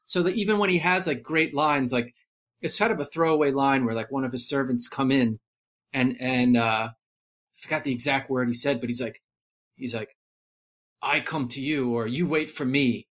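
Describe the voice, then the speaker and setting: A man talking casually on a podcast, rambling and animated, full of fillers and restarts. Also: mid-range voice, moderate pace. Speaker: podcast guest. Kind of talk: casual movie discussion.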